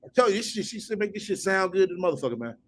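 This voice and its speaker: A man's voice: high-pitched, big pitch swings, rapid-fire, fairly bright tone, a little hiss or hum. Male commentary host with a slightly raised voice who reads posts aloud and tears into them with foul-mouthed mockery. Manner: profane, mocking, incredulous rants; breaks into laughter at times. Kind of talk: reading a post aloud and reacting.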